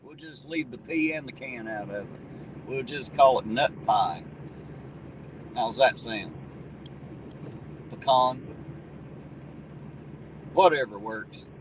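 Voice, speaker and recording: A man's voice: mid-range voice, a little slow. Folksy man, distant mic, traffic. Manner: folksy, swears casually, chuckles often. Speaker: livestream host reading chat. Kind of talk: casual livestream chat.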